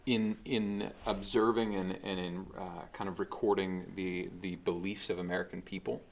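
A man with a very low, gravelly voice delivers a relaxed sermon. He talks conversationally, full of fillers and restarts. It sounds like a pastor teaching, not performing. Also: normal speed. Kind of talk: casual sermon.

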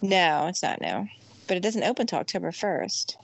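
A woman with a lowish, gravelly voice chats casually with friends. She is eager and talkative, filling the gaps with agreeing murmurs. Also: sing-song, moderate pace, no room sound. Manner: chatty, enthusiastic, lots of agreeing murmurs. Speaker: podcast co-host. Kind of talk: casual chat.

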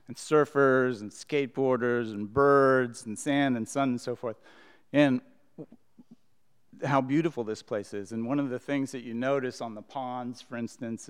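Guy telling a story on stage, smooth resonant voice, laid back, lots of ums. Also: medium pitch, in a large hall. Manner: relaxed, hesitant with fillers. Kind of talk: live storytelling to an audience. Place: small hall with a live audience.

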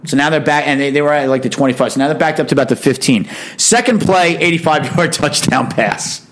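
A man's voice: a little high, brisk, a bit bright. A man hosting a casual sports talk show, giving emphatic, opinionated commentary in a chatty monologue.

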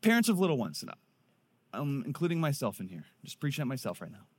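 A man in his thirties preaching a sermon in a conversational, animated way. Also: mid-range voice, fast talker, husky. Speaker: pastor.

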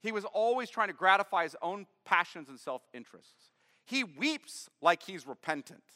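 A man's voice: sits high, big pitch swings, moderate pace, sharp tone, in a large hall. A man preaching a sermon, reading scripture aloud and then explaining it in plain words. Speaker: pastor. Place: church.

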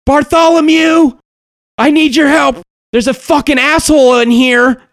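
A man's voice: fairly even intonation, unhurried, no echo, studio quality. Man putting on a shrieking angry woman. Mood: yelling angrily. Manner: shrill, yelling, foul-mouthed. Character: angry woman shouting at intruders.

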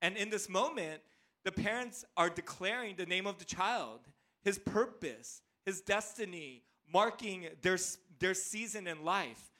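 Bright, high-voiced animated male preacher. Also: measured pace. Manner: animated, playful storyteller. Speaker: pastor. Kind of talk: sermon with personal storytelling.

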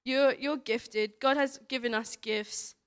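A young woman speaks slowly and clearly at church, her voice on the high side, steady and resonant. Giving a casual testimony as a youth speaker, she chats freely, says "like" and "you know" a lot, and laughs often.

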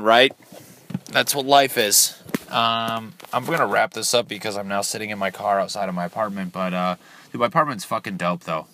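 A young man ranting casually and profanely to his listeners, rambling and animated. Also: fairly low pitch, no echo. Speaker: podcast host. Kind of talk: casual solo rant. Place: parked car.

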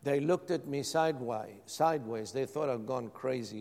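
Pastor preaching in a hall. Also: male voice, mid-range voice, moderate pace, few pauses, a little mellow. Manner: rhetorical questions, emphatic repetition. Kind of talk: sermon.

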